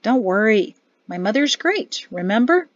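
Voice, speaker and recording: A woman voicing a grown man, a son and husband, speaking calmly and wryly in a lowered voice. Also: measured pace, no echo, dull audio.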